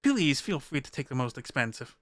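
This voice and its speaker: A man's voice: medium pitch, big pitch swings, a little fast, dry recording, clean studio sound, lightly acted. A man doing a sly, courtly informant. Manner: polite, formal and quietly sarcastic. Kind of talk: game master voicing a character.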